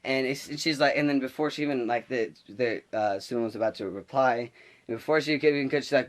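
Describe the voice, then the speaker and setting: A teenage boy telling a story in a casual vlog, rambling and animated, full of restarts and filler words. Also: mid-range voice, quick pace. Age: teens. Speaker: vlogger.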